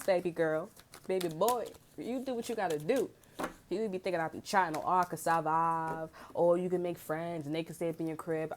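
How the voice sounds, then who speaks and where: A woman's voice: lowish voice, brisk, slight background noise. Blunt, profane woman talking street slang. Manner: frequent throat clearing. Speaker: tarot reader. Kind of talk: casual unscripted tarot reading monologue.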